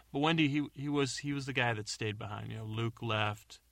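Gravelly, dry-voiced man telling a rambling bedtime story. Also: medium pitch, moderate pace, a bit bright, no echo. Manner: meandering, self-correcting, unsure asides. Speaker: podcast host.

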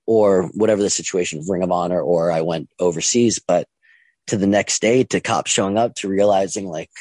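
A young man telling his own story casually, halting with many ums and restarts and acting out what others said. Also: low voice, darkish tone, no room sound. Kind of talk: casual first-person storytelling.

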